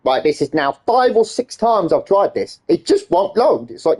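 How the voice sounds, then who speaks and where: A man streaming a video game, his voice high and swinging wildly up and down. He rants in exasperation and swears constantly at the game. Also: wildly swooping pitch, normal speed, darkish tone, breathy edge. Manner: exasperated ranting, heavy swearing. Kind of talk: livestream gaming commentary.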